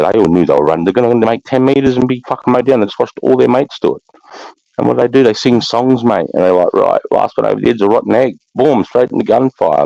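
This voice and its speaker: A man's voice: low voice, gravelly, mellow, no room sound. An Australian man, an army veteran, telling war stories in a blunt, profane way and calling everyone mate. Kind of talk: casual war storytelling. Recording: dull muffled recording.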